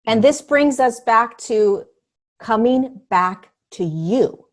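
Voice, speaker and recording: A middle-aged woman talking as a podcast guest, earnest and animated, acting out the voices of other people. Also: fairly high pitch, slow. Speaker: podcast guest, spiritual teacher. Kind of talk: conversational interview.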